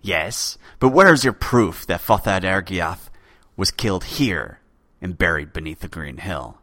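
A man's voice: low voice, expressive, measured pace, a bit bright, dry recording, clean studio sound. A man voicing a proud, spiteful old male chief poet who makes threats in indignant outbursts, reading from a storybook tale. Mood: scornful.

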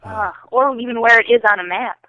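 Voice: medium pitch, fairly quick, pushed and bright. Teasing co-host over a tinny phone line. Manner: playful, teasing banter. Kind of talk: casual chat.

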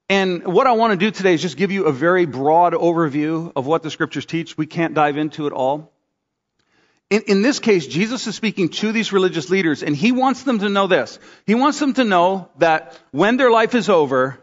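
A man's sermon delivered by a pastor in a large church room, the sound lingering in a long reverb. He tells stories with energy, jumping up in pitch when he acts out what others say. The recording is somewhat muffled. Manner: animated storytelling, acts out quotes with big pitch jumps.

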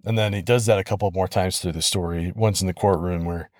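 Low-voiced man hosting a relaxed podcast. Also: fairly quick, dry recording, studio quality. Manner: relaxed and conversational, with soft laughs and restarts. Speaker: podcast host. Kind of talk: casual solo podcast storytelling.

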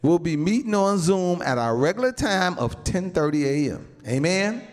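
Animated, high-pitched male pastor preaching. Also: normal speed, soft background music. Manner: animated preaching, peppered with amens and addresses to the saints. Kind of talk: sermon. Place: church building with a congregation.

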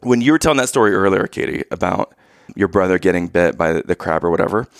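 A man in his thirties telling a family vacation story in casual chat, animated and acting out the voices of the people in it. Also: sits low, fast, creaky, dry recording, clean studio sound.

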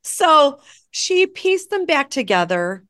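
A woman in casual conversation, telling a personal story in an animated way and acting out the dialogue. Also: high-pitched, slow pace. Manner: animated, acts out quoted dialogue. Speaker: guest sharing a story.

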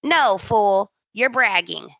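A woman co-hosting a podcast, recapping a soap opera in blunt, animated casual chat and swearing freely. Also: mid-range voice, slow pace, vocal fry, dry recording, muffled recording. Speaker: podcast co-host.

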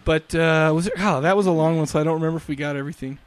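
A man's voice: fairly high pitch, racing, smooth, no echo. A married man hosting a podcast, rambling and self-deprecating in casual chat. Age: adult, married. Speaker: podcast host.

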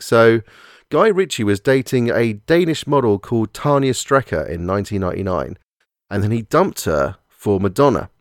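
A man's voice: on the low side, no room sound. Dry-voiced joking male podcast host. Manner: wry, joking, rambling host patter. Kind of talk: casual movie podcast chat.

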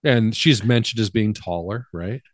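A man's voice: on the low side, normal speed, no echo, clean studio sound. A middle-aged man co-hosting a casual chat, rambling and drifting off mid-thought. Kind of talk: casual chat about a film.

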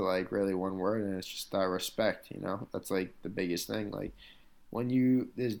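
A man's voice: sits low, a little mellow. A man, a professional fighter, telling stories from his career in a loose, rambling way, full of "like" and "you know". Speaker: MMA fighter, interview guest. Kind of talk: casual storytelling in conversation.

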